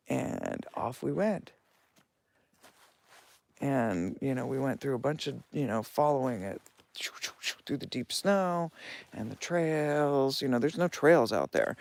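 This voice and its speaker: A man on a late-night walk outdoors, telling a story in a casual, animated way, swearing freely and laughing, recorded on a phone. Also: mid-range voice, vocal fry, no room sound. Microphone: phone held while walking.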